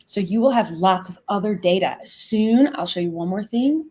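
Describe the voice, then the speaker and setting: A woman walks viewers through a software demo live, talking casually and quickly getting excited. Her pitch sits in an ordinary middle range, and she gushes freely, dropping the odd swear. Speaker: logistics software founder and host. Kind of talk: live product demo chat.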